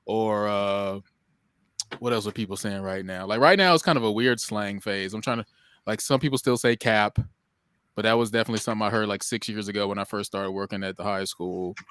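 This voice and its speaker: A man's voice: lowish voice, fairly quick, a bit bright, smooth, dry recording. Rambling man on a podcast, dry sound. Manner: rambling, full of fillers and restarts; reflective, self-aware musing. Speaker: podcast co-host. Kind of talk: casual podcast chat.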